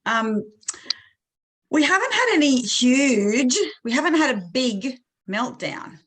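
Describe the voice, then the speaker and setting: A woman's voice: high voice, sing-song, slow pace, breathy edge, rough recording. A woman chatting candidly as a coaching client, talkative and self-deprecating, often laughing. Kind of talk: candid personal chat.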